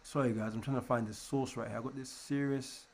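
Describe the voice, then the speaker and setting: A man teaching a live online trading lesson in an energetic way, often checking in with his listeners and repeating words as he goes. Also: mid-range voice, a little fast, vocal fry, a little hiss or hum. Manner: energetic, keeps checking in with "right?". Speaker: trading coach.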